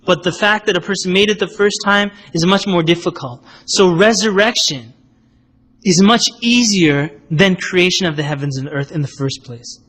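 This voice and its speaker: A man's voice: sits high, moderate pace, a bit bright. A man giving a conversational religious lecture, explaining points and checking in with his listeners by asking "right?". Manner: explanatory, asks "right?" often, acts out quotes. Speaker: Islamic lecturer.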